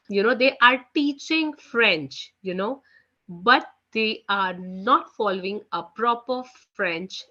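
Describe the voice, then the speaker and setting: The call audio is dull and lo-fi as a woman with a fairly high, bright, forward voice teaches a live online French class. Her easygoing talk leans on "you know" and "guys."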